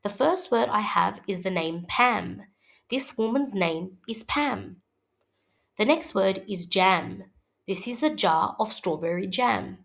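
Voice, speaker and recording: A woman teaching a scripted phonics lesson for young children, modelling sounds slowly and clearly for them to repeat. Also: medium pitch, fairly bright tone.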